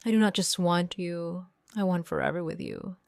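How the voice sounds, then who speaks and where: A woman reading the lines of a pushy man declaring obsessive love, in a plain, even voice. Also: fairly low pitch, moderate pace, gravelly, no echo, studio quality. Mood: insistent.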